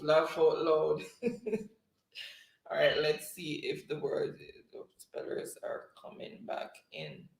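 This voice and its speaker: Livestream host, woman, slow and unhurried, reads chat and calls spelling words in an echoey room. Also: low voice. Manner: warm thanks, slow word-by-word calling of spelling words. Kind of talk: reading live chat and hosting a spelling game. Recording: roomy echo.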